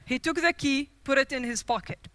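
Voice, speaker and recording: Bright, high-pitched woman telling a story. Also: moderate pace, dry recording. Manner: animated, acts out quoted dialogue. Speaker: keynote speaker. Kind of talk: storytelling speech. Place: conference stage.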